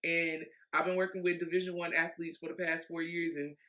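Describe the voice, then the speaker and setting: A woman's voice: fairly low pitch, flat delivery, brisk, sharp tone. A woman hosting a life coaching podcast, talking in an upbeat, chatty way and calling her listeners "guys" and "y'all.". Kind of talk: casual podcast chat.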